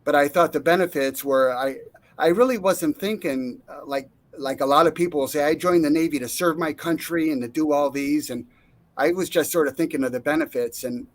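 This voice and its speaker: A middle-aged man recounting his life in a relaxed interview, acting out the voices of the people he quotes, with frequent fillers and restarts. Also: a little high, fairly quick. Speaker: interview guest, Navy veteran. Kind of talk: casual storytelling.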